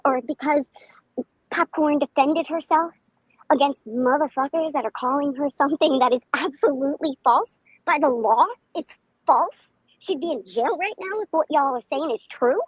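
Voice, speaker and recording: A woman's voice: high-pitched, no room sound, low-quality recording. A woman, ranting angrily and profanely on a livestream. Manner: profane, heated, confrontational. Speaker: livestream commentator. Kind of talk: angry livestream rant.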